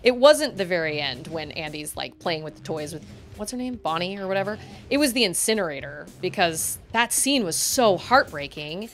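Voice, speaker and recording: A woman's voice: fairly low pitch, animated, moderate pace, a bit bright. A woman livestreaming a video game, chatting casually and rambling, laughing often. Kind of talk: casual chat while gaming.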